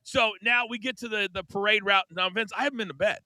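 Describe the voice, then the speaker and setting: Man, middle-aged, American, podcast co-host, animated storyteller, slightly high voice, very bright tone. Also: quick pace, dry recording. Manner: animated storyteller, acts out quoted dialogue. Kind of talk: casual storytelling chat.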